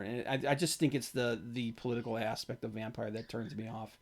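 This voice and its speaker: A man hosting a podcast, talking about tabletop games in a halting, low-key way. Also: little pitch movement, crowd noise. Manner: halting, many fillers and restarts, low-key. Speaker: podcast host.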